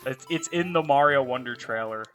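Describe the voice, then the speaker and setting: A man's voice: medium pitch, fairly quick, faint music behind. A man streaming a game live, chatting casually in a profane, joking, rambling way. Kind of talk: casual chat while playing a game live.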